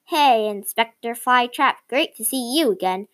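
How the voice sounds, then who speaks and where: A woman's voice: a little high, animated, a little slow. A woman voicing a friendly male restaurant owner in a storybook reading, in a cheery, familiar way.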